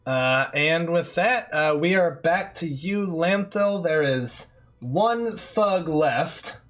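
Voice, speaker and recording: A man runs a tabletop game as its game master. His voice sits a little high and rings very bright. He narrates with lively, laughing energy. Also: slow pace. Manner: animated, laughing, acting out characters.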